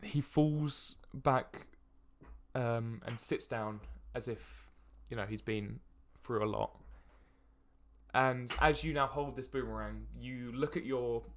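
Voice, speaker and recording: A young man narrating as dungeon master in a tabletop game, halting with many fillers. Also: mid-range voice, a bit bright. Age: young adult. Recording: faint background hiss.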